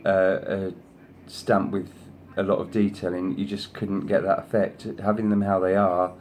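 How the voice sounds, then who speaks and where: Deep voiced guy showing off craft samples, pretty monotone, lots of "you know", faint hiss behind. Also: normal speed. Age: adult, sister past thirty. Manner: effusive, rambling with many "you know"s; coaxes his pet in a higher voice. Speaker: craft channel host showing design samples. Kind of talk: casual show-and-tell.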